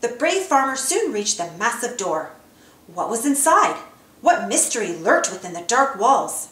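Woman storybook reader for children; expressive read-aloud, roomy sound. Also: on the high side, measured pace, slight background noise.

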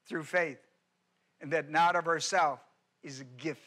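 A man preaching a sermon as pastor, emphatic and repetitive, moving between loud declarations and hushed appeals. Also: on the high side, steady tone, a little slow.

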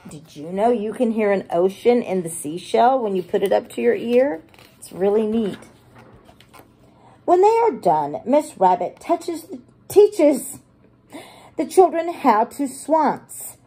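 A preschool teacher reading a picture book aloud to young children, animated and gushing as she talks to them. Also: on the high side, slow, slightly rough.

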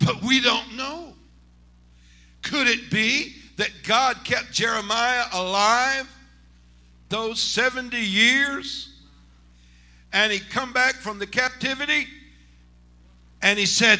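A senior pastor preaches a Pentecostal sermon in a church sanctuary, his voice very high-pitched and slow with long pauses. He drops to hushed talk and then rises to shouted exclamations.

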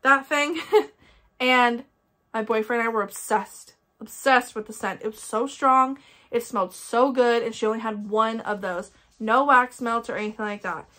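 A woman's voice: fairly high pitch, moderate pace, pushed and bright. Chatty Ohio woman reviewing candles. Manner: chatty, rambling, enthusiastic. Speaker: candle collector vlogger. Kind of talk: casual product review chat.

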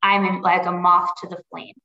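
A woman's voice: fairly low pitch, little pitch movement, moderate pace, bright, forceful tone. A woman guest on a podcast, speaking earnestly and reflectively, often restarting her sentences. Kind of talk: conversational interview. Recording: roomy, dull lo-fi sound.

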